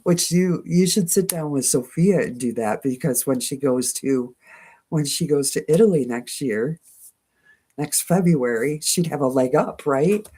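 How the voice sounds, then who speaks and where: A twangy woman hosts a quilting stream and reads viewer comments as she goes. Her voice sits deep for a woman, and she takes her time with every phrase. She pokes fun at herself and breaks into laughter often. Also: measured pace, warm tone, breathy edge. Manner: chatty and self-mocking, laughs often. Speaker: quilting channel host. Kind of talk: casual live chat, reading viewer comments.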